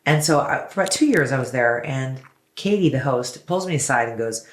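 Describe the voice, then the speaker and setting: A woman in her fifties from the United States, a singer chatting as an interview guest, telling lively stories and swearing freely. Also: very deep voice, fairly quick. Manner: animated storyteller, acts out quotes, swears freely. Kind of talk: casual chat.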